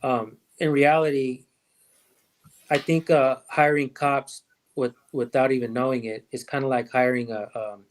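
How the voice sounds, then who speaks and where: A man's voice: mid-range voice, level tone, a little slow, slight background noise. Rambling man hosting a livestream. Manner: rambling and reflective, trails off often. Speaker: host of a police-accountability livestream. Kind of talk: casual livestream chat.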